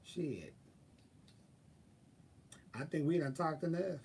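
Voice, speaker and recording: A man's voice: fairly high pitch, extremely slow, long pauses. Chatty man rambling, a little distant. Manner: chatty, profane, animated, thinking aloud. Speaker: vlogger. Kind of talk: casual rambling monologue.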